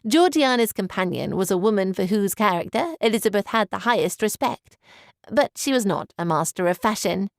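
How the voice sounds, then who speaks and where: A woman reads an audiobook aloud in measured, even narration. Her voice carries a gravelly texture, and the recording is dry and close, with no room sound. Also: mid-range voice, no room sound. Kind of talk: scripted narration.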